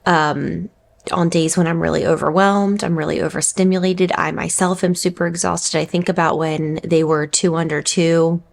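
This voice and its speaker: A woman's voice: on the low side, flat delivery, moderate pace, creaky. A woman in her thirties, a mother vlogging, telling a personal story in a candid, reflective, conversational way.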